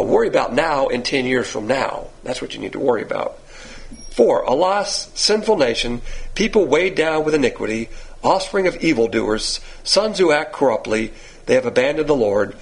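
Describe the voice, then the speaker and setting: A man teaching a verse-by-verse sermon, asking rhetorical questions and pushing his pitch up for emphasis. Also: creaky, slightly rough, low-quality recording. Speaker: Bible teacher.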